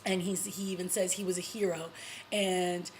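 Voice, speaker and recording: Chatty woman excitedly recapping a TV episode. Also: on the low side, moderate pace, a little hiss or hum, low-quality recording. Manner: chatty and excited, full of you-knows and little laughs. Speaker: TV review vlogger.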